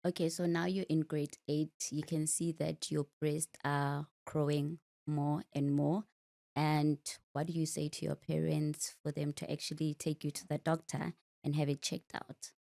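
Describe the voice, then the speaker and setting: A woman's voice: low voice, level tone, measured pace, creaky, mellow. A woman, a Sotho speaker, hosting a podcast interview with friendly, chatty questions. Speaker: podcast host. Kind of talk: casual interview.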